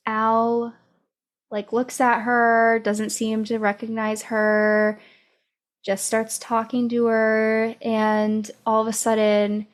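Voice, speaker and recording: Woman host, unhurried book recap, mid pitch, lots of ums and likes. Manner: unhurried retelling with many fillers. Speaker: podcast host. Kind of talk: casual book discussion.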